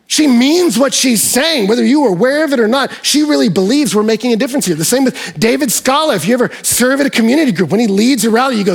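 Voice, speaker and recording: A man preaching a sermon as pastor, animated, rising into shouts and then dropping low. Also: slightly rough. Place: church service in a hall.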